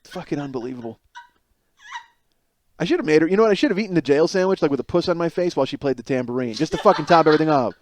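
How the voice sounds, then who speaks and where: A man's voice: on the high side, very fast, a little hiss or hum. A man hosting a podcast, telling a comic story about his home life, swearing often and acting out what was said. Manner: animated, exasperated, swearing, acts out quotes. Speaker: podcast host.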